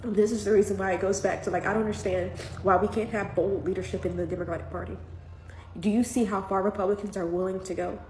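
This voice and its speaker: A woman's voice: mid-range voice, steady tone, darkish tone. Tearful woman in an echoey room. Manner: earnest, shaky, halting. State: tearful, trying not to cry. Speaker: parent commenting on the news. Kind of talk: emotional vlog commentary. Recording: echoey room with faint background noise.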